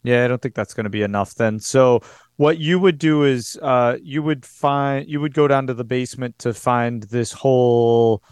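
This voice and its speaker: A man running a tabletop game as game master, talking in a quick, easygoing way with halting restarts. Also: mid-range voice, a little mellow, smooth, no room sound, studio quality.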